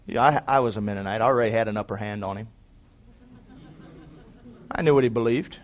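A man preaches a sermon in a lowish voice, speaking a little fast and pausing often. He swings between loud, fervent exhortation and quiet, conversational storytelling, calling out to the congregation for amens.

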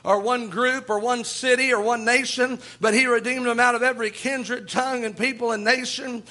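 A man's voice: extremely high pitch, steady tone, normal speed, sharp tone. A man preaching a sermon in a church, reading scripture aloud and adding folksy asides. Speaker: pastor.

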